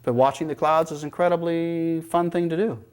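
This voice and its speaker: A man teaching yoga philosophy in a calm, reflective manner and telling teaching stories. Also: a little high, fairly quick, clear, resonant tone. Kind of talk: spiritual lecture.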